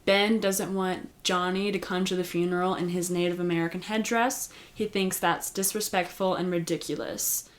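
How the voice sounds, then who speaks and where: A woman giving a casual, chatty recap of a TV episode, with lots of "like" and "you know". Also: on the low side. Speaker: recap host.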